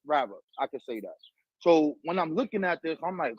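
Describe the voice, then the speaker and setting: Bronx-raised New York man, high voice, slangy and animated, dull dry lo-fi recording. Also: fairly quick, slightly rough, no echo. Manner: streetwise, profane, animated storytelling. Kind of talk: casual conversation.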